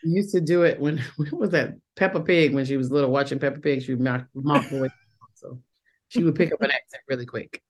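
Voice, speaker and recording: A woman's voice: very deep voice, a little fast, slightly rough. Southern lady broadway actress chatting on a video call, easygoing, says honey and boo a lot. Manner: warm, chatty, calls people honey and boo. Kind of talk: casual interview chat.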